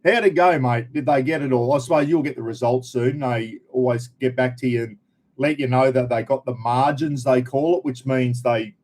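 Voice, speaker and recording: A middle-aged man with a broad Australian accent hosts a relaxed live stream. He chats casually, greets viewers by name and swears lightly now and then. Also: medium pitch, normal speed.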